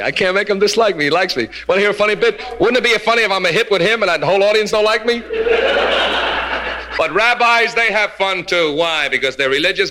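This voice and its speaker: A stand-up comedian with a bright, forceful voice pitched a touch high, rattling off jokes and dropping into Yiddish phrases for the punchlines. He hops between character voices as he tells each story, keeping the pace brisk. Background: audience laughter.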